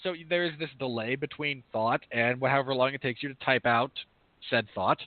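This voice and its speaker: A man's voice: mid-range voice, a little fast, no room sound. Rambling man on a tinny line. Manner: rambling, candid, self-correcting. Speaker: podcast co-host and film reviewer. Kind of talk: casual review chat. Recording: tinny phone-like line, dry.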